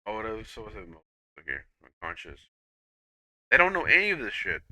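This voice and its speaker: A young man rambling through a personal monologue, halting with frequent restarts and repeats, swearing freely, on a dull lo-fi recording. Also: on the low side, huge pitch swings, pushed and bright, no echo.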